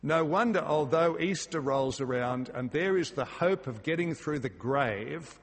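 A man's voice: fairly high pitch, animated, measured pace, big-room sound. A man preaching a sermon in a church, earnest and emphatic, asking his listeners rhetorical questions. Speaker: pastor.

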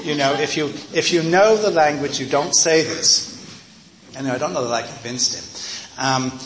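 A man's voice: fairly high pitch, moderate pace, fairly bright tone, slight background noise. A man preaching a teaching sermon in a conversational, digressive way, often saying "you see". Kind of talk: teaching sermon with personal anecdote. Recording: roomy echo, faint ambience.

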